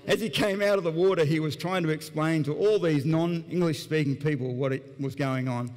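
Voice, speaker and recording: An Australian pastor preaching in a church auditorium, his voice sitting a little higher than most men's. He tells his story earnestly and with animation, chuckling along as he goes. A long reverb trails each phrase through the big hall. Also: fairly quick, a little mellow. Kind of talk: sermon with storytelling.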